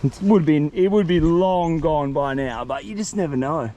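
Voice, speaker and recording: A young man, vlogging outdoors in the bush, rambling excitedly in casual slang. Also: fairly high pitch, moderate pace, slight background noise. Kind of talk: casual outdoor vlog narration.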